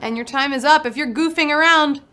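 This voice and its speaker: A woman's voice: high voice, brisk, music in the background. A woman hosting a live word game show, talking in a playful, upbeat patter full of puns.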